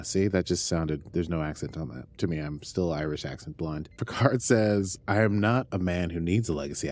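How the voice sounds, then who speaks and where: A man co-hosting a casual podcast, playful and joking as he chats. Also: a little mellow. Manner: playful, joking, wanders between low murmurs and bursts. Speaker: podcast co-host.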